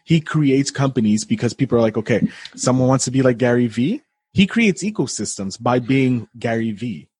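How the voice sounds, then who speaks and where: Husky-voiced man hosting a podcast. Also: medium pitch, expressive, normal speed, darkish tone, no room sound. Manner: chatty, rambling, repeats himself. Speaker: podcast host. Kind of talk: casual podcast chat.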